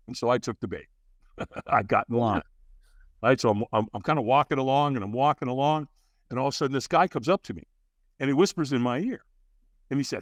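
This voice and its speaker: A man telling a personal story as a podcast guest, acting out the other people's lines with big leaps in pitch. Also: animated, fast talker, no echo. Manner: acts out dialogue with big jumps in pitch. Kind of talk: animated storytelling.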